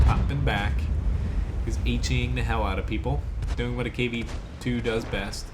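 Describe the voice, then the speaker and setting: Over a noisy background, a man with a medium-pitched, fairly even voice talks at a moderate pace while streaming a game. He's from South Jersey, has an American accent, and keeps it laid-back and chatty, answering chat between plays.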